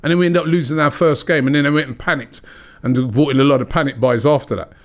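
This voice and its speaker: A man's voice: fairly high pitch, steady tone, fast talker. Passionate man arguing football. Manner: passionate, emphatic, repeats "right?". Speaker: podcast co-host. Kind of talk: heated football chat.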